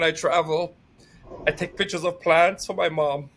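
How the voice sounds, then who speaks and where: A middle-aged man talking casually as a podcast guest, energetic and emotional, laughing often and near tears. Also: a little high, measured pace. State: tearful. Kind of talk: casual conversation.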